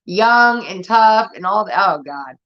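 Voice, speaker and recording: A woman's voice: medium pitch, a little slow. Woman in her 30s ranting about family, swears a lot, does the voices, muffled lo-fi sound. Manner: profane, animated, acts out family members. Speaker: streamer. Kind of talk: casual storytelling. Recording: dull lo-fi audio.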